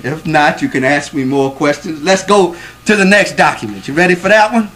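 Man, lecturer, fairly high voice, very lively pitch, emphatic, quizzes the room. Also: brisk, a little hiss or hum, low-quality recording. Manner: emphatic, asks the audience questions and repeats for stress. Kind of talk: classroom lecture to a live audience.

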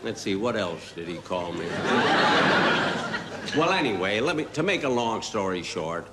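Slow deadpan comedian guy doing a stand-up bit, lively up-and-down delivery, hissy 70s tv sound. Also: lowish voice. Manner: slow, deadpan storytelling with drawn-out pauses and asides. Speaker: guest comedian. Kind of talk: stand-up comic monologue on a TV variety show. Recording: hissy 1970s TV broadcast recording.

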